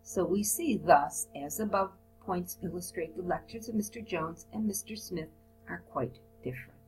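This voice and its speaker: A woman's voice: lowish voice, normal speed, darkish tone, poor audio. Woman, English teacher, recorded lesson, reads example phrases then explains them, faint music behind. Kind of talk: recorded lesson on report writing.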